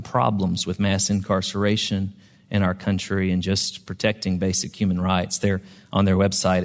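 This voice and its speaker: A man's voice: low-pitched, big-room sound. A man preaching a sermon, telling a story in a conversational way with frequent ums and restarts. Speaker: pastor.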